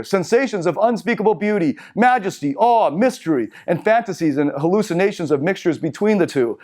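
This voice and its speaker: A man's voice: a little high, a little mellow. A man teaching a seminar, reading passages aloud and then riffing on them casually with asides. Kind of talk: lecturing from slides to a group. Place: meeting room.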